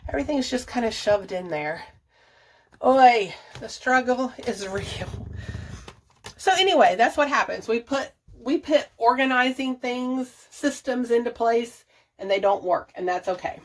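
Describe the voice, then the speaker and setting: A budget and declutter vlogger with a voice on the high side sounds animated yet unhurried as she sorts out her home bathroom. She chats with viewers, thinks out loud, and laughs frequently. Her camera sits nearby and gets repositioned throughout.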